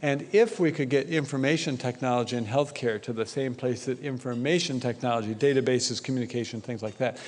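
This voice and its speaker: Mid-range and a little mellow, a man's voice carries through an echoey conference hall as he gives a conversational talk. He keeps punctuating points with a questioning "right?" aimed at the audience.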